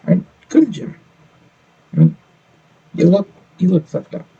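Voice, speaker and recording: A man's voice: high voice, expressive, normal speed, creaky, dark tone, husky, muffled recording. A man streaming his reactions to videos, ranting bluntly and with plenty of swearing. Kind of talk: reaction commentary.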